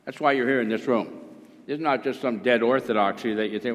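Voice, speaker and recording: Older pastor preaching all fired up, average pitch, long echo in the hall. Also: male voice, moderate pace. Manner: fervent, rising to emphatic exclamations. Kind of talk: sermon.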